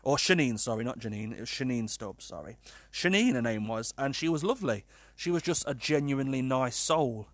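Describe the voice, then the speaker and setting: A man's voice: mid-range voice, expressive, fairly quick, fairly bright tone, dry recording. Rambling British man telling a story, dry sound. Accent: British English. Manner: rambling and self-deprecating, with many "um" and "kind of" fillers. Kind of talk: personal storytelling monologue.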